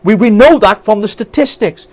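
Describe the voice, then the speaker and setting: A Welsh political campaigner rants on a live stream with passion and indignation, firing off rhetorical questions. His voice sits high and moves at a moderate pace.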